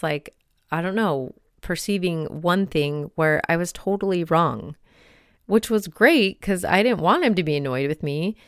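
A woman with a low, smooth voice talks through personal stories in a loose, chatty way. She is recorded close up with a dry sound and no room around her. Her talk is full of little fillers and restarts. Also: animated, measured pace, no room sound. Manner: chatty, storytelling with many fillers. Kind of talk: casual reflective monologue with read-aloud story.

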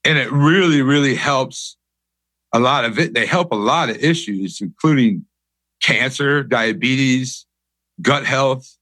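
A man's voice: mid-range voice, unhurried, bright, forceful tone, no room sound. A man hosting an interview, enthusiastic and asking questions, often stumbling over his words. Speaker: podcast host. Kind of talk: conversational interview.

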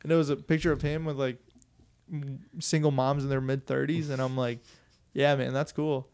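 A man's voice: mid-range voice, level tone, normal speed, a little mellow, clear, resonant tone. A young man telling a story on a podcast in a loose, profane way, laughing often. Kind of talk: casual storytelling chat.

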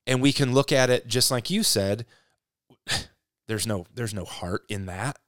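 A man's voice: medium pitch, unhurried, a bit bright, no echo. Earnest reflective man, dry recording. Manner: earnest, reflective, thinking aloud. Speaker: podcast co-host. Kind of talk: casual faith discussion.

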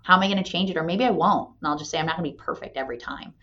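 A woman in her thirties, a company president and mother, telling a candid story and tagging her points with a quick "right?". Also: fairly low pitch, fairly bright tone. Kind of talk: motivational talk. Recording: dull lo-fi sound.

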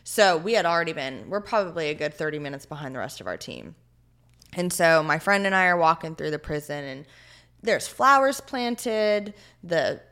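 A young woman in her twenties with a notably low voice talks through a story in a relaxed interview. She is earnest and heartfelt, and her speech is loose and full of "like" and "you know.". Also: clean tone. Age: 20s. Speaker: podcast guest.

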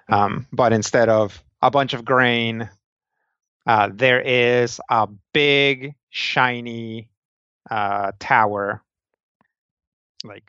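Slow, halting low-voiced male game master. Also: fairly bright tone, no echo. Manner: halting, many fillers and restarts. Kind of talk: narrating a tabletop game. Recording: dry, dull lo-fi sound.

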